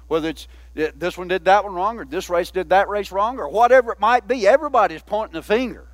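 A man's voice: sits high, expressive, brisk, dry recording. A man, a pastor, preaching a sermon in a folksy, conversational way with many asides to the church.

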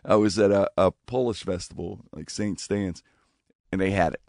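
A man telling family stories as a guest on a radio show, with an animated manner that acts out the voices of relatives. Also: low-pitched, normal speed, vocal fry, no room sound, clean studio sound. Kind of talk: casual storytelling. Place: radio studio.

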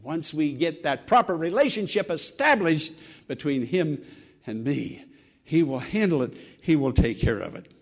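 A man preaching a sermon as pastor, earnest and conversational, swinging from fervent emphasis to soft, quiet phrases. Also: fairly high pitch, very animated, normal speed. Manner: repeats words and restarts, conversational preaching.

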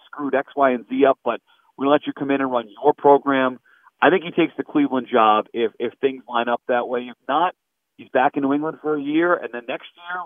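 A man's voice: mid-range voice, dry recording. A man, a sports radio host talking animatedly and emphatically in a phone-in chat. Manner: animated, emphatic, mimics callers. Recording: tinny phone line, dry.

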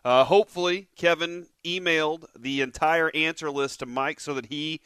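A man's voice: fairly high pitch, normal speed, a bit bright, smooth, no echo. A man co-hosting a sports radio show, joking and chatting casually while eating.

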